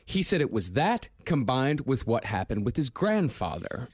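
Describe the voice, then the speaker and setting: A man's voice: mid-range voice, very animated, normal speed, husky, no echo. An American man hosting a podcast, telling a crime story in a casual, profane way. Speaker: podcast host.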